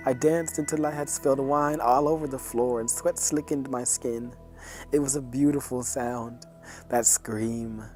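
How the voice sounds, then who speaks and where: A man narrating a horror story in a calm, measured reading. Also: medium pitch.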